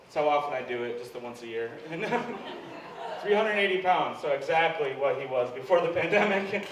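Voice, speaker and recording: A man's voice: a little high, animated, fairly quick. A man doing a stand-up set, self-deprecating and chatting with the crowd, laughing between jokes. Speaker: stand-up comedian. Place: comedy club stage. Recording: echoey live room from far off, noisy.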